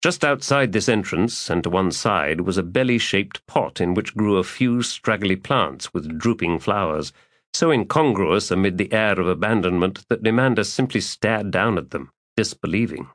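A man narrates a fantasy story in a low, deep voice. His reading is measured and even. It is recorded close, in a dry space with no echo. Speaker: audiobook narrator. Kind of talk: scripted narration.

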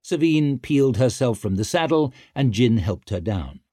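A man narrates an audiobook from a script, with an expressive, dramatic storytelling style. His medium-pitched voice moves at a normal speed, recorded with clean studio sound and no room echo.

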